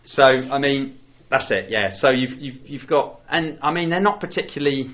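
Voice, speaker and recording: A man's voice: medium pitch, moderate pace. A man co-hosting a podcast, chatting casually about a film, rambling with many restarts. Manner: rambling, full of restarts and "you know". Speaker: podcast co-host. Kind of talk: casual chat reviewing a film. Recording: dull lo-fi podcast audio.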